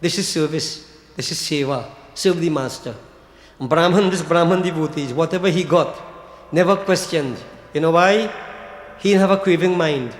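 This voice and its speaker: A man's voice: fairly high pitch, moderate pace. An older man giving a religious discourse, addressing his listeners as devotees and tossing in rhetorical "hmm?" asides. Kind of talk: sermon. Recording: echoey hall with long reverb.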